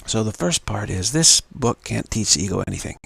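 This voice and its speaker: A man with a low, gravelly, husky voice gives a livestreamed spiritual lesson. He talks slowly and haltingly, repeating words and filling pauses with "uh". The sound is dry and close. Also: lively intonation, fairly bright tone, no room sound. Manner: slow, halting, repeats words with many fillers. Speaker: spiritual teacher.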